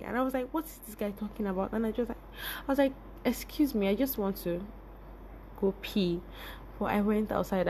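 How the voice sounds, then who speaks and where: A young woman talks through a personal story on her podcast, animated and full of feeling, often breaking into laughter. Her voice sits in a middle pitch range. A faint noise floor runs underneath the recording. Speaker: podcast host.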